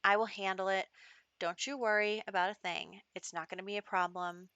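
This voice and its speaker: A woman voicing a calm, determined young woman in a life-sim game who reassures her brother, close to her own voice. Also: medium pitch, brisk, no room sound, highs cut off, close to an everyday voice. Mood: steely.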